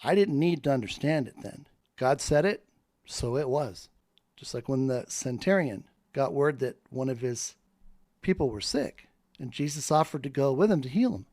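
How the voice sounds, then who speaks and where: A man's voice: medium pitch, animated, normal speed, a little mellow, no echo, studio quality. A man in a fervent, preacher-like monologue that rambles from point to point. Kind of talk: spoken monologue.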